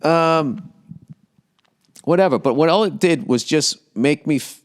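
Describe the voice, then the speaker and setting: A man's voice: fairly high pitch, measured pace. Male comic, 50s, Boston accent, loose profane podcast rant. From United States. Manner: profane, animated, acts out yells and impressions. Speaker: comedian podcast host. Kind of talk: casual rambling monologue.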